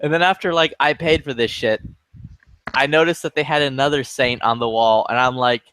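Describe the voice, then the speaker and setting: A man's voice: medium pitch, a little fast, clean tone, no room sound. Guy ranting thru a funny story, cussing a lot, acts out other people, dead dry sound. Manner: profane, animated anecdote with quoted voices. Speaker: lobby chat regular. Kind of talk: casual storytelling chat.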